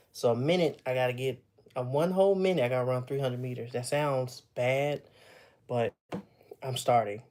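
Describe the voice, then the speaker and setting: A man's voice: mid-range voice, darkish tone. A young man talks to his livestream viewers while still out of breath from a run. He rambles along in a tired, easygoing way, with a mid-range voice and short gasps between phrases. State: out of breath after running. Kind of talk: casual livestream chat.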